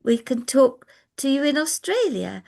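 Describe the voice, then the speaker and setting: A woman's voice: high-pitched, big pitch swings, unhurried, vocal fry, darkish tone. An older woman chatting on a video call, telling rambling anecdotes and laughing often. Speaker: guest speaker.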